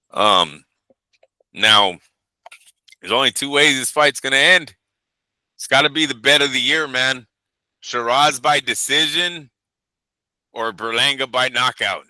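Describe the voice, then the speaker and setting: A man's voice: medium pitch, bright, forceful tone, no echo, low-quality recording. A man co-hosting a boxing talk show, chatting casually in an emphatic, teasing and opinionated way. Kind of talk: casual chat.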